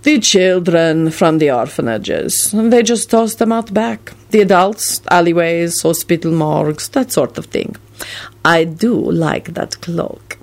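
A woman's voice: fairly low pitch, lively intonation, slow pace, darkish tone. A woman voicing a cool, self-satisfied male vampire lord who speaks in a languid, disdainful way. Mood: bored, smug.

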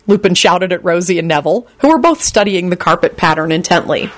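A woman's voice: fairly low pitch, a little fast, few pauses. A woman narrating an audiobook and acting out every character. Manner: expressive, acts out every character.

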